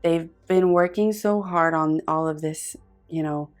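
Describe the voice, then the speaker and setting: A woman with a low voice gives a pick-a-card tarot reading, earnest and effusive. She pauses often and restarts her sentences as she reaches for the right words. Soft music plays faintly behind her. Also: fairly even intonation. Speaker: tarot reader.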